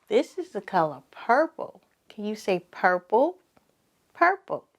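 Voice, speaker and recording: A woman teaching preschoolers, saying each word slowly and repeating it for the children to echo, with lots of praise. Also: mid-range voice. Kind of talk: slow sing-song preschool lesson.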